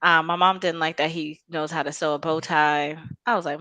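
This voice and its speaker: A woman co-hosting a casual podcast, skeptically talking about a reality show and jumping into high voices to act out quotes. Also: fairly even intonation, normal speed, noisy background. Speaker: podcast co-host.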